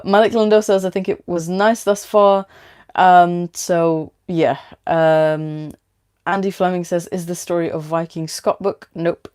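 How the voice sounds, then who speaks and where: Woman streamer, lowish voice, halting and giggly, reads chat and her own story aloud. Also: a little mellow. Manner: halting, many fillers, giggly and self-deprecating. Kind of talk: casual livestream chat and reading aloud.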